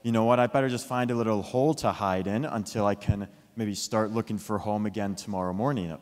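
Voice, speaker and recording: A man's voice: fairly low pitch, steady tone, fairly quick, darkish tone, big-room sound, lightly acted. A man voicing a scared, lost little boy bunny who worries to himself in an everyday voice. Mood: worried.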